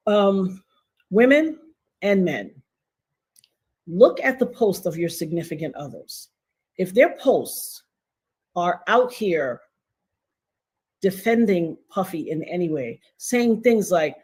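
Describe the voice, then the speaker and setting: A middle-aged woman hosting a livestream, talking straight to her viewers in an animated, emphatic way, with slang and repeated phrases. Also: medium pitch, measured pace, slightly rough. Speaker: livestream host. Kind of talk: casual livestream commentary.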